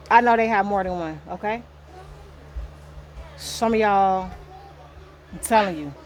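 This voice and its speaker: A woman's voice: mid-range voice, a little hiss or hum. A woman giving a casual spiritual card reading to her viewers indoors, talking in a rambling, loose way and swearing now and then. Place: indoor room.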